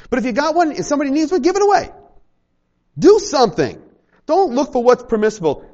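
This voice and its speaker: A man's voice: extremely high pitch, fairly quick, muffled recording. A man preaching a sermon to a small congregation, acting out little dialogues and joking with the room. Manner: animated, acts out little dialogues, jokes with the congregation. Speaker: pastor.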